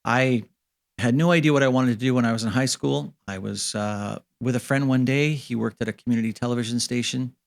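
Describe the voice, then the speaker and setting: A man in his fifties from Canada with a voice of ordinary, middle pitch, talking as an interview guest. He tells long stories in a relaxed, chatty way and slips into the voices of the people he quotes, and his pitch jumps up when he acts out their lines. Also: fairly quick, gravelly. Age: 50s. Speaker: interview guest, special effects supervisor. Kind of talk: casual interview storytelling.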